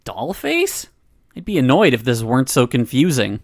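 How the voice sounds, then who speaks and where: A woman's voice: rumbling low, huge pitch swings, moderate pace, no room sound. A woman streamer reading a narrative game aloud, giggling and reacting between lines.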